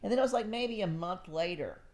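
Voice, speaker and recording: A middle-aged woman with a drawl hosts a relaxed chat in a low voice. She tells her stories in a lively, chatty way. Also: fairly quick. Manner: chatty storyteller, animated, says y'all. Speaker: podcast host. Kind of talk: casual chat.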